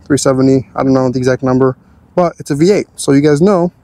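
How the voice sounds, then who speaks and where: A man's voice: mid-range voice, fast talker, mellow, no echo. A young man hosting a car channel, giving an easygoing, chatty walkthrough of his car's features.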